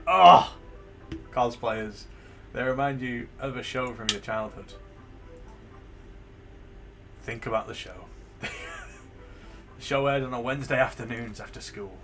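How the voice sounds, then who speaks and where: A man's voice: medium pitch, moderate pace, pauses often, a bit bright, soft background music. A man streaming a game live, reading its narration aloud and breaking off for joking asides.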